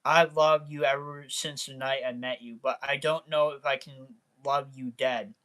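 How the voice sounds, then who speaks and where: Young woman worried about her guy read out by a man, plain earnest, bright voice, comic read-aloud. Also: medium pitch, fairly even intonation, normal speed, close to an everyday voice. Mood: pleading. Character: young woman, anxious photographer in love.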